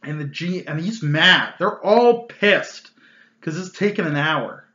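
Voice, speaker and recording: A man's voice: fairly high pitch, lively intonation, slow pace, bright, forceful tone, roomy sound, lo-fi sound. A man hosting his own channel, telling a tabletop gaming story in a casual, exasperated rant full of loose fillers.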